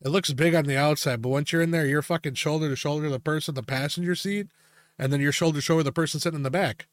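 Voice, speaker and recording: A man's voice: a little high, fast talker, dry recording, studio quality. A man hosting a podcast, telling a crude, rambling story in casual chat and laughing often. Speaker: podcast host.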